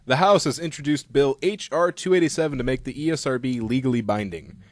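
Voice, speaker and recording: A young man co-hosting a casual podcast, calmly explaining news and laughing often. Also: mid-range voice, quick pace, no room sound. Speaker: podcast co-host. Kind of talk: casual chat.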